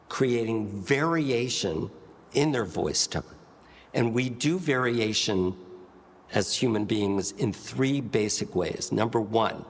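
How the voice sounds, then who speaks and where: A man teaching public speaking, emphatic and asking rhetorical questions, shifting his loudness and pace to demonstrate. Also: mid-range voice, breathy edge, in a large hall. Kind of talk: spoken lesson with live demonstrations.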